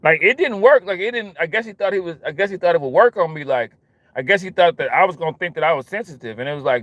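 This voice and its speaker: A young man talking casually in an animated, repetitive way, full of street slang. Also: on the high side, fast talker, no echo, highs cut off. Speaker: host. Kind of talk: casual monologue.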